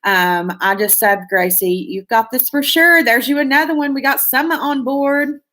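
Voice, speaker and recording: A woman's voice: high-pitched, moderate pace, fairly bright tone. A woman hosting a casual beauty live stream, reading viewer comments aloud in a gushing, chatty way with lots of fillers.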